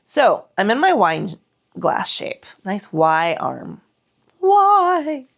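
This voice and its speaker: A woman's voice: on the low side, sing-song, slow pace, vocal fry. A woman leading a mat Pilates class, cueing breath and form while doing the moves herself, her breath a little strained from the effort. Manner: cueing breath and form, speaking against muscle contraction. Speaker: Pilates instructor.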